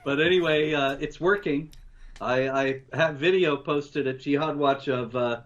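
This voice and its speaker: Measured man with a dull, lo-fi sound. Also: on the high side. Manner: measured, steady, with fillers. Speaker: co-host. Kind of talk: news rundown commentary.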